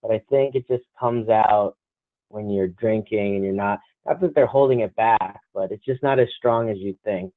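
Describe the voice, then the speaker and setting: A man's voice: fairly low pitch, normal speed, dry recording. A man with a New Jersey accent, co-hosting a casual podcast from a hotel room and talking chattily with lots of "like". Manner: chatty, heavy use of "like". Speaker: podcast co-host. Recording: tinny phone-line sound, dry.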